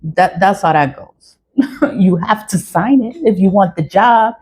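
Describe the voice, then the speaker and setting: A woman's voice: mid-range voice, a little slow, a little mellow, breathy edge. A woman ranting to the camera in a blunt, profane, defiant way, repeating her phrases and laughing between lines. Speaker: vlogger.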